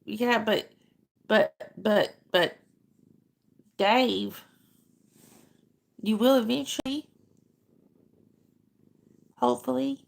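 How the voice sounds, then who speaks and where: Gravelly-voiced woman chatting live. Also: on the high side, drawn-out words, pauses often. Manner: chatty, greets viewers by name, answers chat questions. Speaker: livestream host chatting with viewers. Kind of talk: casual live chat.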